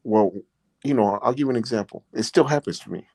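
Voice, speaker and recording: A middle-aged man, a podcast host who was once in prison, casually tells his own stories in a rambling way, leaning hard on "you know" and turning earnest and emotional as he recalls his experiences. His medium-pitched voice is mellow with some vocal fry, and he talks fast. The recording is dry.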